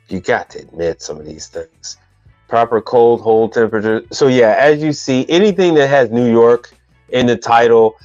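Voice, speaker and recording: A man's voice: mid-range voice, a little mellow, dry recording. Joking, rambling man streaming live. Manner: rambling, joking, teasing, loose slang. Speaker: live stream host answering business questions. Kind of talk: casual live stream talk. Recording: dull dry sound with faint music behind.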